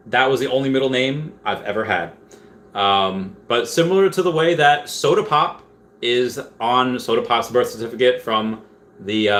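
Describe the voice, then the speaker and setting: A man's voice: mid-range voice, fairly bright tone. Rambling young man reading chat comments. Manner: rambling, reads viewer comments aloud. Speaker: livestream host. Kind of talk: casual livestream chat. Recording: faint background noise.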